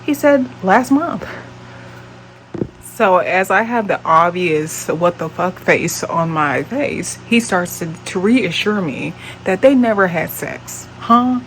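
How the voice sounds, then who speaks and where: A woman's voice: lowish voice, lively intonation, takes it slowly, hardly any pauses, slight background noise, rough recording. A woman in her late twenties telling a dating story on her vlog in a blunt, profane, exasperated way. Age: late 20s. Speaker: vlogger.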